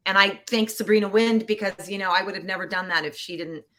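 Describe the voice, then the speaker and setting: A woman guest on a podcast telling a personal story in a casual, animated way, acting out quoted voices and getting teary. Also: mid-range voice, fast talker. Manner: animated, acts out quoted voices, laughs often. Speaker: podcast guest, producer and actor. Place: Los Angeles.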